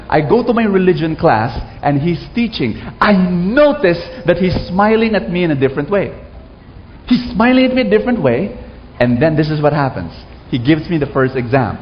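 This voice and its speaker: A man's voice: high-pitched, slight background noise. A man preaching a sermon to a congregation, telling stories and asking them to repeat after him. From Philippines. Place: church hall with congregation. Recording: dull echoey hall recording.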